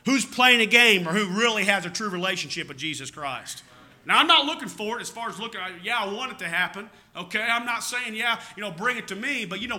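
A man's voice: high voice, sharp tone. A man with a Southern American accent preaching a sermon in a folksy, rambling way, often calling out "amen?" to his church. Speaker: pastor.

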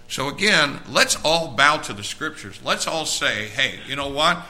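Preacher guy, really bright voice, chatty sermon, keeps asking the folks "okay?". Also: mid-range voice, animated, a little slow. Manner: conversational preaching with frequent direct asks to the congregation.

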